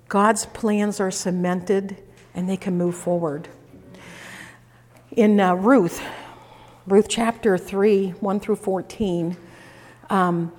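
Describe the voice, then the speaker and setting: A woman's voice: mid-range voice, a little mellow. Folksy woman preacher in an echoing hall. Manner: folksy conversational storytelling with restarts. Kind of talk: sermon. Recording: echoey hall reverb.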